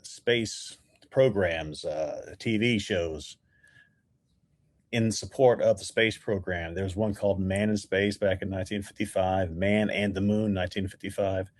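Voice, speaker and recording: A man's voice: low-pitched, measured pace, no echo. A man co-hosting a podcast, looking things up and steadily sharing facts in casual chat. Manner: steady, informative, reads facts aloud. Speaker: podcast co-host, researcher.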